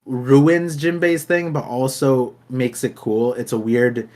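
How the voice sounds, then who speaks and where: Young male co-host, casual banter, animated delivery, mid-range voice. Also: medium pitch, takes it slowly. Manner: animated, laughs often, trails off quietly. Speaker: podcast co-host. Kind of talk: casual chat.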